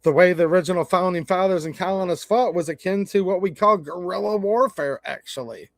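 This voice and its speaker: A man's voice: high voice, brisk, gravelly, no room sound. A man hosting his own channel, talking bluntly and casually in a folksy way as he gives his opinions to camera. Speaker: channel host.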